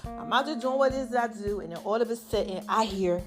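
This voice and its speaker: Female podcast host, high-pitched, a bit winded, energetic motivational chat with soft music under it. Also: quick pace. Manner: lively, preachy, slangy, calls herself Mama. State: slightly out of breath. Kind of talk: casual inspirational monologue.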